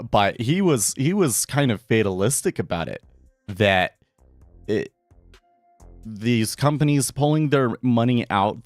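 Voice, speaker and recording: A man's voice: fairly low pitch, no room sound. Rambling man on a live trading stream. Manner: rambling, restarts, thinks aloud. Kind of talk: casual live-stream commentary.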